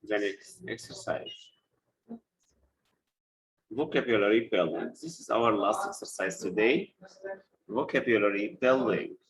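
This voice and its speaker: Slow, low-voiced male teacher. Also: rough recording. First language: Arabic. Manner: slow, deliberate, quizzes the class with repeated questions. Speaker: English teacher. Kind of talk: live-streamed classroom lesson.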